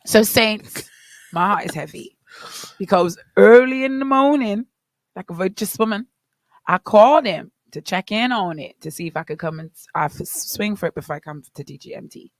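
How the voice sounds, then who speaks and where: Young woman, Bahamian accent, radio co-host, animated storytelling, dry studio sound. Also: mid-range voice, normal speed, dry recording. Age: young adult. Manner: animated storytelling, preacherly asides to listeners. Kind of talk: casual morning radio chat.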